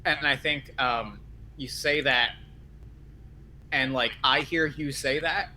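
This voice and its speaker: A man with a bright, forceful voice plays along in a tabletop role-playing game. He keeps chiming in with short, encouraging replies, over a faint hiss of background noise. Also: medium pitch. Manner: quick, encouraging affirmations. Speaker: game guest player. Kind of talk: casual tabletop role-play.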